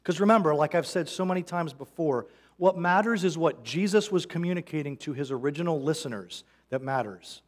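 Brief Male pastor, fairly high voice, earnest, conversational sermon delivery. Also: fairly quick. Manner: earnest, conversational preaching with quoted scripture. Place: church sanctuary.

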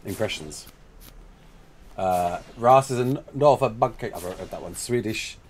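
A man's voice: lowish voice, a little slow. A young man live-streaming a building game, chatting casually, reading out chat messages and talking himself through each step.

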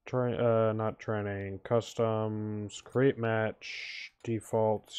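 A man's voice: lowish voice, little pitch movement, very slow, hardly any pauses, darkish tone, clean tone. A worn-out, sleepy man streaming a game, talking casually over his play and mumbling with sighs and groans. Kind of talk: casual gameplay commentary.

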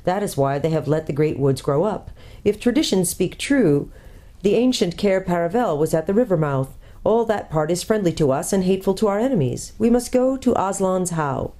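A woman's voice: on the low side, lively intonation, normal speed, mellow, pitched above the performer's own voice, natural voice. A woman voicing an old male tutor, learned and kindly, courtly and precise as he explains, in a storybook reading. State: out of breath from hurrying.

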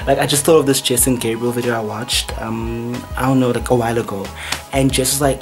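A man's voice: medium pitch, steady tone, a little fast, over music. Chatty young man vlogging. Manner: chatty and playful, full of "like" and asides. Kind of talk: casual vlog chat. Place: room at home.

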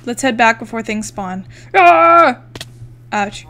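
A woman's voice: a little high, unhurried. A young woman giving casual let's-play commentary, chatting, swearing freely and counting blocks aloud as she builds. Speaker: gaming YouTuber.

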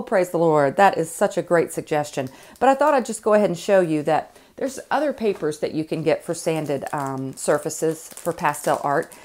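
Southern lady doing a chatty art tutorial, kinda low voice, lots of ums and restarts. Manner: chatty, folksy, many fillers and restarts. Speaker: art instructor. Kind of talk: casual demonstration tutorial.

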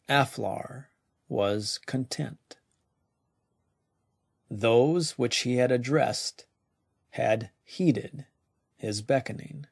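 A man narrating a weird tale slowly and deliberately, his voice dropping now and then to a hushed near-whisper. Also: mid-range voice, no echo, studio quality. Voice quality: gravelly. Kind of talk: slow scripted story narration.

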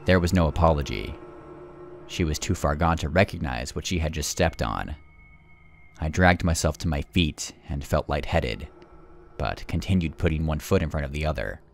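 A man narrating a first-person horror story in a grim, measured way. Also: a bass voice, expressive, gravelly, slight background noise.

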